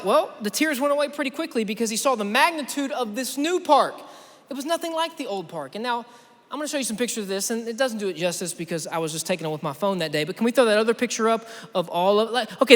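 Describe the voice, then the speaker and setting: A young man with a very high voice preaches to a youth crowd, telling a story with energy and calling on the audience directly. The sound carries the long reverb of a large church auditorium. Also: fairly bright tone. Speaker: youth conference speaker. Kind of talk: sermon.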